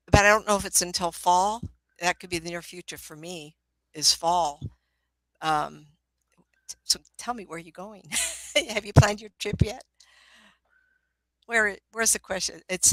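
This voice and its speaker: A woman's voice: medium pitch, bright, forceful tone, no echo, rough recording. An older woman working as a psychic medium, giving readings in a casual, chatty, motherly way on a live stream. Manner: chatty, motherly, calls people honey.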